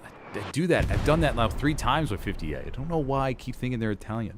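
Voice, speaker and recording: A man's voice: mid-range voice, very animated, fairly quick, background noise. A man casting a competitive war game live, chatty and self-deprecating as he talks to his stream chat. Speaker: esports caster. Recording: gunfire and game sounds behind voice. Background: war game battle sounds, artillery and gunfire.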